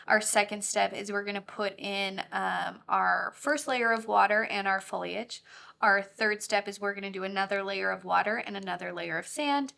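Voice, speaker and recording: Bright, bubbly woman teaching watercolor. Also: mid-range voice, vocal fry. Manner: bubbly, giggly and grateful. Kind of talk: friendly tutorial instruction.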